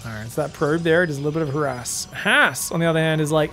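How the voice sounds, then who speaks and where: Man, esports caster, live commentary, excitable, casual, slightly high voice, faint music behind. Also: brisk, gravelly, hardly any pauses. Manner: excitable play-by-play, casual and swearing, chats with viewers.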